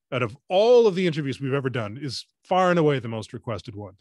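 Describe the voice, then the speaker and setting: A man's voice: medium pitch, sing-song, fairly quick, darkish tone, no echo, studio quality. A man, a radio co-host who is a guest here, rambling and correcting himself as he tells stories over a video call. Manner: rambling, self-correcting storyteller. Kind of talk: casual talk in a webinar.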